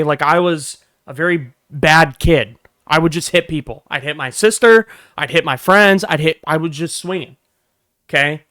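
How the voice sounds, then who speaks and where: A young man with a fairly high voice vlogs an angry story about work, swearing and stressing his words as he acts out what people said in sudden loud bursts. It's animated storytelling, recorded at studio quality with no room sound.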